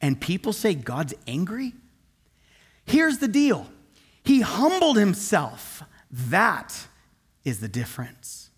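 A man preaching a sermon in an animated, conversational and emphatic way. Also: high-pitched, takes it slowly, slightly rough.

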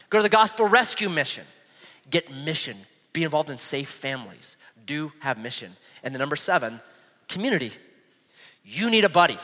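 Animated preacher man, bright and lively. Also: fairly high pitch. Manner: animated preaching, reading scripture aloud slowly. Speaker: pastor. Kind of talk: sermon. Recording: long hall reverb.

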